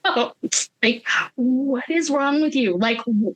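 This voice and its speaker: A woman tells a story on a casual podcast. She is animated, acts out each person she quotes and laughs often as she goes. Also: high voice, slow, dull audio, a little hiss or hum. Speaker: podcast co-host.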